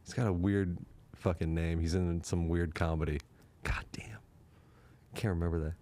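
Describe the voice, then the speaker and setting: A man's voice: deep voice, fairly even intonation, moderate pace, mellow. A young man co-hosting a comedy podcast, chatting loosely, joking and swearing as he acts out scenes. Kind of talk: casual chat.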